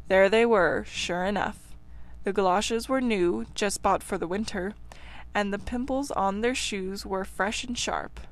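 A woman reading a classic storybook aloud in a measured, expressive way, sometimes dropping to a hush. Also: mid-range voice. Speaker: reader. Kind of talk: storybook read-aloud narration.

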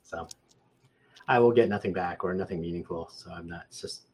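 Husky man in casual chat. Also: low voice, fairly quick. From Southern Nevada. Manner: rambling, restarts sentences, rises in loudness when animated. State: hoarse, clearing throat.

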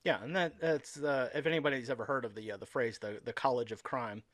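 A man's voice: medium pitch, a bit bright, no room sound, studio quality. A man hosting a casual podcast chat, agreeing often and telling his own story in a chatty way. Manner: quick and chatty, with frequent affirming "yeah".

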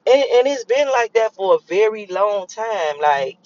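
A man's voice: sits high, big pitch swings, a little slow, a little mellow, dry recording, lo-fi sound. A young man in a car, rambling and cursing as he reflects on his morning. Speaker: vlogger. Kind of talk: casual morning monologue while driving.

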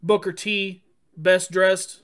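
A man co-hosting a podcast, chatting casually and telling playful stories with quick jokes. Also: high-pitched, level tone, a bit bright. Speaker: podcast co-host. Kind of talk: casual chat.

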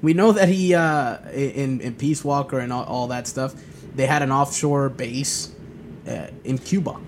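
A man's voice: medium pitch, steady tone, measured pace, slight background noise. A man co-hosting a casual gaming podcast, asking questions and pushing back on his partner. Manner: conversational, asks questions and pushes back. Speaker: podcast co-host.

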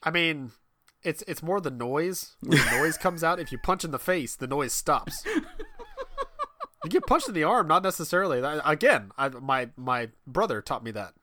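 A man in his thirties chatting casually, wry and laughing often, his voice trailing off quietly at the ends of thoughts. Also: a little high, sing-song, moderate pace, slight background noise. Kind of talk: casual chat.

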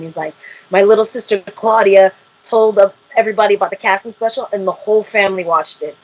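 A woman's voice: medium pitch, moderate pace. A woman, a reality show cast member, telling her story in an interview, acting out quotes and laughing often. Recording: muffled lo-fi audio.

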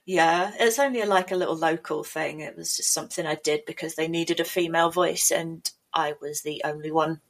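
A woman's voice: deep voice, fairly even intonation, normal speed, hardly any pauses. A woman hosting a podcast, chatting in a self-mocking, talkative way. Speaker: podcast host. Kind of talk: casual podcast chat.

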